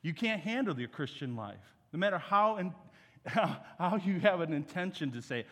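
A man's voice: sits high, sing-song, normal speed, a bit bright. A middle-aged man preaching a sermon as guest speaker, emphatic and calling the congregation to repeat after him. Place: church sanctuary. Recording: church hall reverb.

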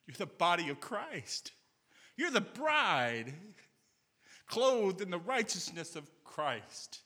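A man preaching a sermon, his voice very bright and sitting a little high for a man. He speaks earnestly and tells stories with quoted dialogue, and long church-hall reverb trails after each phrase. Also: very animated, slow pace. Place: church sanctuary.

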